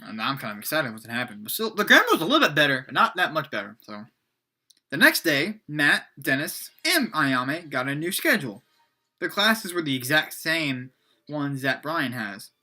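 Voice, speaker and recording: Bright-voiced halting young man reading aloud. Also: on the high side, sing-song. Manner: halting, self-mocking, many restarts. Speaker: reader of his own book. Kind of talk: casual read-aloud with commentary.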